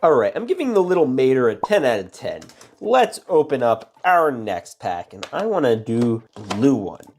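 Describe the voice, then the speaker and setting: Male vlog host, casual and excitable, very lively pitch. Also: moderate pace, hardly any pauses, soft background music. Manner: chatty and excitable, big pitch jumps. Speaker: LEGO builder and channel host.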